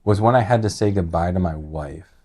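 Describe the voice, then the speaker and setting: A man's voice: low voice, a little fast, a little mellow. A middle-aged man telling a personal story in casual, earnest talk, rambling with many restarts and filler words.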